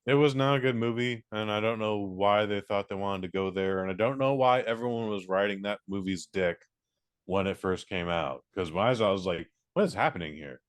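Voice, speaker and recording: A man's voice: lowish voice, fairly even intonation, a little fast, clear, resonant tone. A man co-hosting a podcast in casual banter, blunt and sarcastic, swearing freely. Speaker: podcast co-host.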